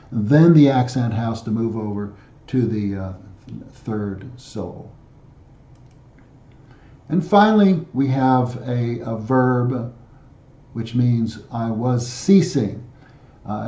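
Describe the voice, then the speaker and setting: A man teaching an Ancient Greek lesson in a patient, methodical way, pausing often with fillers and restarts. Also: mid-range voice, dark tone. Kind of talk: recorded language lesson. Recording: echoey room, dull lo-fi sound.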